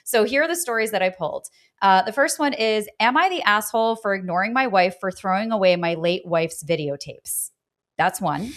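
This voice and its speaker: A woman hosting a podcast, talking through relationships in a casual, animated way with lots of fillers. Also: mid-range voice. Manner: animated, rising into laughter, chatty with fillers. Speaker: podcast host. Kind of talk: casual interview chat.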